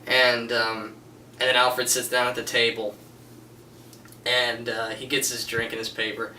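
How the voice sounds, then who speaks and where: A man's voice: mid-range voice, completely flat delivery, measured pace, sharp tone, echoey room, distant mic, slight background noise, rough recording. A man giving a casual spoken film review, gushing and rambling with many restarts and fillers. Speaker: movie reviewer.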